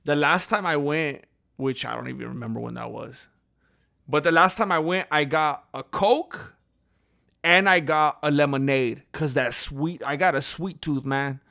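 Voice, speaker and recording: Male livestream host, high-pitched and gravelly, excitable slangy storyteller. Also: unhurried. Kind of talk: casual livestream chat.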